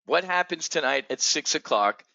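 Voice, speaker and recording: A man's voice: on the high side, expressive, moderate pace, gravelly, bright, forceful tone, no echo, dull audio. A man hosting an options trading brief, brash and irreverent, swearing freely and hammering his points home.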